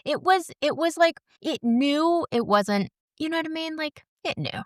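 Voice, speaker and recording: A woman's voice: sits high, expressive, measured pace, no room sound, clean studio sound. A woman in her thirties co-hosting a podcast, chatting candidly and animatedly. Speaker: podcast co-host. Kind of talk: casual chat.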